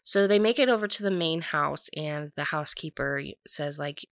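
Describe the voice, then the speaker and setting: A woman's voice: sits low, normal speed, hardly any pauses, a bit bright, dry recording. Chatty woman retelling a story. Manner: chatty, constant "like", laughs while talking.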